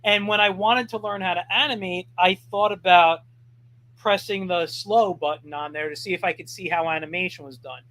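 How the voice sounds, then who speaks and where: A man's voice: sits high, fairly even intonation, moderate pace, pushed and bright. A man being interviewed about his cartooning, telling stories in an easygoing way with plenty of fillers. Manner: easygoing storyteller, many fillers. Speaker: guest cartoonist. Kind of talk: casual interview chat.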